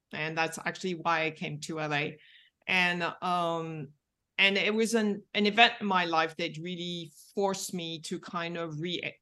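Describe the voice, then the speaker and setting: A woman's voice: low-pitched, bright, forceful tone. A middle-aged woman with a French accent, a company founder talking as a podcast guest, reflective and full of "you know". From France. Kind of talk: podcast interview.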